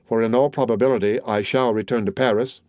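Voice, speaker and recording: A man's voice: medium pitch, steady tone, quick pace, darkish tone, dry recording, studio quality, natural voice. A man reading an audiobook, voicing a panicked young male fugitive who later turns insolent and mocking. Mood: insolent mockery. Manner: pleading, then mocking and impertinent. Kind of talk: audiobook character voice.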